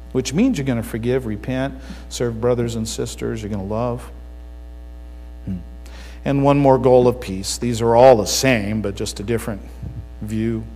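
A male pastor giving a sermon, emphatic and swinging between loud declarations and quiet asides. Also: mid-range voice. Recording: long hall reverb with mains hum.

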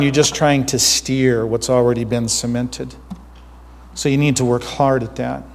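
A man's voice: medium pitch, long reverb tail. A man preaching a sermon as pastor, earnest and conversational, often checking in with his listeners.

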